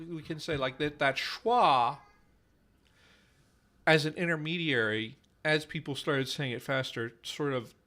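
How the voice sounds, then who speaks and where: Slow, halting man thinking aloud. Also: medium pitch, sharp tone. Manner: very slow, halting, many fillers and repeated trial words. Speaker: podcast host running a conlang stream. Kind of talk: live-streamed language construction, thinking aloud.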